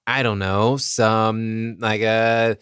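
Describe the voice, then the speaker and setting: A man in an improvised comedy chat, halting and full of fillers. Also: fairly low pitch, little pitch movement, fairly bright tone, clear, resonant tone, dry recording, clean studio sound. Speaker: improv player.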